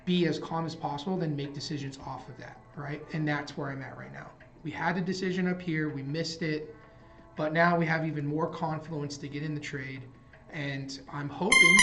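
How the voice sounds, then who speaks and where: A young man hosting a trading live stream, calmly talking himself through his decisions and feelings in casual commentary. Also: a little high. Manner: thinking aloud, talking himself through emotions. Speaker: trading livestream host. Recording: dull lo-fi stream audio with faint music.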